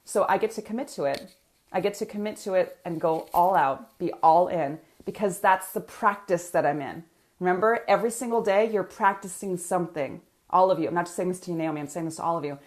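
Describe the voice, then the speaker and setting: A woman's voice: fairly low pitch, a little fast. A woman business coach, talking energetically to viewers in a live coaching session and reading out their comments.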